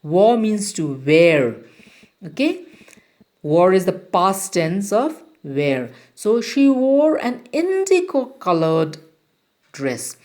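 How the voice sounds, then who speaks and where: A woman teacher reads a children's rhyme aloud and then talks it through, line by line. She speaks very slowly and with a lively, sing-song rise and fall, pausing to explain each word for little pupils. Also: mid-range voice. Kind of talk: reciting and explaining a children's poem.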